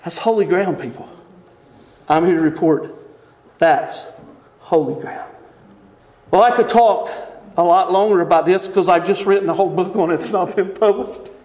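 A man preaching as a pastor, telling stories in an animated way, often laughing and dropping to hushed tones. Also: high-pitched, moderate pace, pauses often. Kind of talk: sermon storytelling. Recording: echoey church hall.

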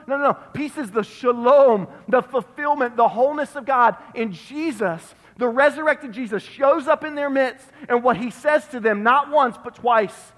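A male pastor delivering an emphatic sermon, repeating phrases and dropping to a hush on key words, recorded in a church sanctuary. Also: very high-pitched, normal speed, few pauses. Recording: long reverb of a church hall.

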